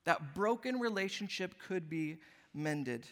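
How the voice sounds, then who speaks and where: A man preaching a sermon as a pastor, earnest and emphatic, often dropping to a hushed, tender tone. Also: fairly high pitch, animated, a little slow, long reverb tail.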